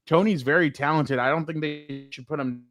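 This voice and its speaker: Animated male sports host, higher voice. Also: normal speed, soft background music. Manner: animated storyteller, many likes and fillers. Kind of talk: casual sports talk.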